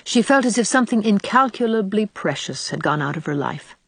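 A woman narrating a novel in a measured, expressive storytelling voice. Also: mid-range voice, husky, no room sound. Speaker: audiobook narrator. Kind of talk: scripted narration.

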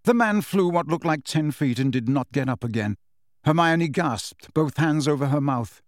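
A man narrating a storybook in a measured, expressive reading, his voice a little higher than most men's. The sound is dry and close, with no room echo. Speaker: audiobook narrator. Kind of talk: scripted narration.

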